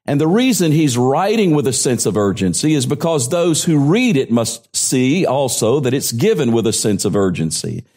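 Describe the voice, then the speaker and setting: A man preaching from the pulpit, his voice at an ordinary middle pitch. He reads scripture aloud and explains it verse by verse. He slows down and lifts his voice on the words he wants to stress. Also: a little mellow. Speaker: pastor. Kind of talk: sermon.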